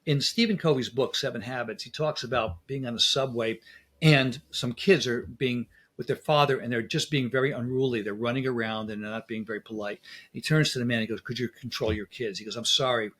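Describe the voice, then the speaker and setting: A man, a dentist guest in a casual interview, telling lively anecdotes and acting out dialogue. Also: medium pitch, brisk.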